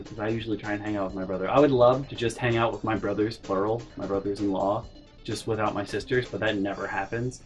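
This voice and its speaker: A young man telling a personal story in a casual vlog, exasperated and profane. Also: lowish voice.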